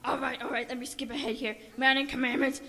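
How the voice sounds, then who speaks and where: A woman doing Gruffy, a goofy jungle bear. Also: high voice, level tone, fast talker, sharp tone, big-room sound. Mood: playful. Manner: bumbling, jokey, rambling. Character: goofy male jungle bear, easily sidetracked. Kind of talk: church Christmas puppet skit. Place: church sanctuary.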